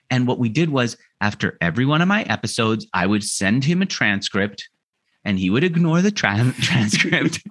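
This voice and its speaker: A man who is a podcast guest, telling stories in a conversational way and acting out the dialogue he quotes. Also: medium pitch. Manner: animated, acts out quoted dialogue. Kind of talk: conversational storytelling.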